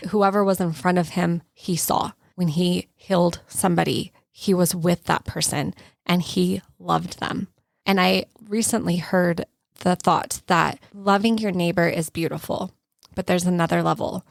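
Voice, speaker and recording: A woman co-hosting a podcast, closing the episode with a calm, earnest devotional message. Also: on the low side, gravelly, no room sound, studio quality. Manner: measured, earnest and unhurried. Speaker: podcast co-host.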